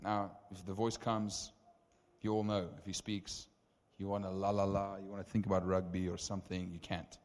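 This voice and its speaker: A man preaching as the preacher, telling stories in an animated, conversational way with many asides. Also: low-pitched, moderate pace. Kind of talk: sermon storytelling. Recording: reverberant hall.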